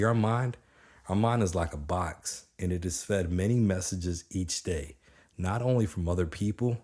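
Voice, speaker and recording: A man in his thirties giving an energetic, conversational motivational talk, often checking in with his listeners. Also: low voice. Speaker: motivational speaker.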